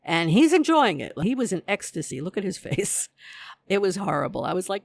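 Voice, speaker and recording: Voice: mid-range voice, sing-song, a little fast, creaky, no room sound. A host giving a casual episode recap, retelling scenes and acting out the characters' lines.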